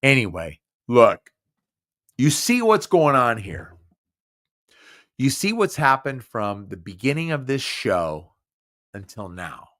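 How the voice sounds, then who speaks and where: A man's voice: mid-range voice, very animated, slow, pauses often, fairly bright tone. A drunk man hosting a podcast, slurring his speech, rambling and stumbling over repeated words. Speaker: podcast host. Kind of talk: casual live podcast talk.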